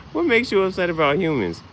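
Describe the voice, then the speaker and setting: A man's voice: high voice, a little hiss or hum. A man vlogging in a casual comedic monologue, laughing often and swearing in slangy storytelling.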